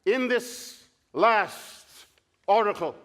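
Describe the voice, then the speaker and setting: Preacher, male, fairly high-pitched, story-driven sermon delivery with acted-out dialogue. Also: lively intonation, very slow, a bit bright. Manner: storytelling, acts out dialogue in different voices. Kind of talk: Bible study sermon. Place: large meeting hall or tent.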